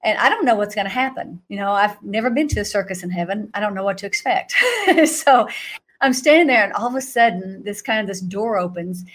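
A middle-aged woman telling a story in an animated way, laughing often and jumping to a high voice when she acts out reactions. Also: a little fast. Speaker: guest recounting a vision.

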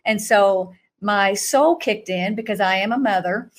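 A middle-aged woman telling a story in an animated way, laughing often and jumping to a high voice when she acts out reactions. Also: unhurried. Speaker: guest recounting a vision.

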